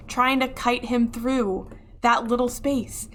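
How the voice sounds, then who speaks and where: Excitable woman yelling at a video game. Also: mid-range voice, normal speed, gravelly, slight background noise. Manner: excitable, yells and swears at enemies; talks to herself and her chat. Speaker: streamer. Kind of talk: live gameplay commentary.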